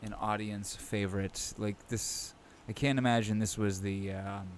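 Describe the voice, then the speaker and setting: A man with a fairly low voice co-hosting a podcast, talking in a relaxed, meandering way full of ums and restarts. A faint hum of room noise sits behind him. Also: unhurried. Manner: relaxed, thinking aloud with many fillers. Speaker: podcast co-host. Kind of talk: casual chat.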